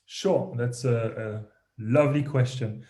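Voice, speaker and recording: French-accented man, animated, echoey room. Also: mid-range voice, takes it slowly. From France. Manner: animated, self-deprecating, frequent restarts. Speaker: guest, company founder. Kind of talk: podcast interview.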